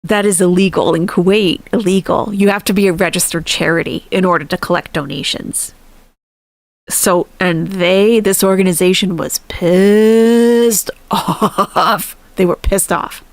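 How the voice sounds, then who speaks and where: A woman's voice: fairly low pitch, steady tone, moderate pace, creaky, no room sound. A woman hosting a live stream, chatting casually and animatedly, laughing often and thanking viewers.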